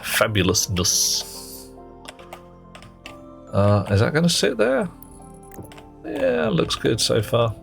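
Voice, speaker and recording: A man's voice: medium pitch, huge pitch swings, takes it slowly, vocal fry, long pauses, soft background music. A man streaming a game, chatting playfully and teasingly with his viewers and muttering to himself as he works. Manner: talks to himself while working. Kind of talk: casual live-stream chat while playing.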